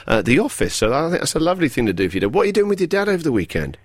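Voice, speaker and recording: A man's voice: on the high side, very animated, rapid-fire, no echo, studio quality. A man hosting a radio show, teasing and joking with his guest in casual chat. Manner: teasing, jokey. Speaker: radio host.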